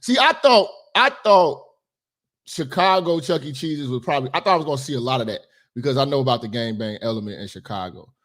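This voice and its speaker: A man hosting a casual call-in commentary show, blunt and animated, laughing along with callers. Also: medium pitch, fast. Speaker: podcast host taking calls.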